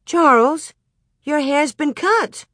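A woman voicing a practical, patient pioneer mother who speaks gently and soothingly. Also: medium pitch, animated, moderate pace, no room sound, clean studio sound, close to an everyday voice. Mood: alarmed.

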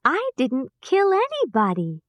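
A woman's voice: sits high, wildly swooping pitch, measured pace, dry recording, highs cut off, pitched above the performer's own voice, exaggerated voice. A woman voicing a curious young girl who asks innocent questions. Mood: wondering.

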